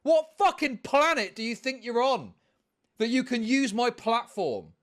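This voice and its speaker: Furious man ranting and yelling insults. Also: very high-pitched, lively intonation, unhurried. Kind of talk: angry streamer rant.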